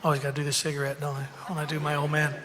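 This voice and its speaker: Man spinning a casual story, fairly high voice, rambling, reverberant hall with faint hum. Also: completely flat delivery, very fast, a bit bright. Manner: rambling, full of fillers, laughing asides. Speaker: country singer telling a story.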